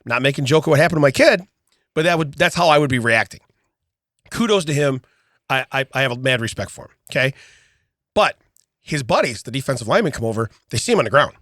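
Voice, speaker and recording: A middle-aged man co-hosting a podcast, telling an animated story in casual chat, often checking in with "okay?" and restarting his sentences. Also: mid-range voice, fast talker, pauses often, dry recording, studio quality. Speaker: podcast co-host.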